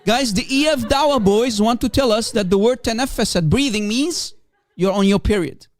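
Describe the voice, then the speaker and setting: Speaking in a high voice at a moderate pace on a dry recording, a religious debater whose first language is Arabic delivers livestream commentary. His tone is mocking and scornful as he laughs at his opponent and drives his points home through emphatic repetition.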